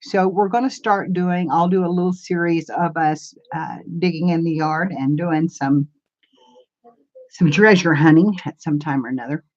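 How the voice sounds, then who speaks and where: A woman's voice: low-pitched, fairly even intonation, normal speed, a little mellow. Older woman rambling on a dull live stream. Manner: rambling, homey, answers viewer comments. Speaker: craft channel host. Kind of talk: casual live-stream chat. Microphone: camera mic.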